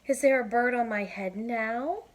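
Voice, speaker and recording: A woman's voice: unhurried, lightly acted. A woman doing a frantic, worried elephant. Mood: alarmed. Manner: high, shouting, worried questions. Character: anxious, excitable male elephant.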